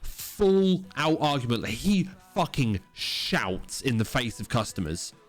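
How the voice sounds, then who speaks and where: A man, co-hosting a casual podcast chat, blunt and sweary, with halting restarts. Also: mid-range voice, very animated, faint music behind. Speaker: podcast co-host.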